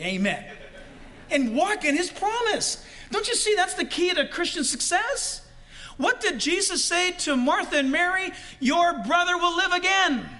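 A man preaching a sermon, pressing his points with rising emphasis and slowing right down on key words. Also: very high voice, sharp tone. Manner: preaching with rising emphasis and slow, drawn-out stresses. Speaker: pastor.

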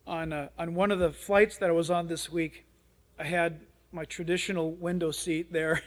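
A man preaching with a high, light voice. He tells a story with lots of energy and acts out the voices of the people in it. The talk is a sermon for radio. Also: little pitch movement, normal speed. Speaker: pastor.

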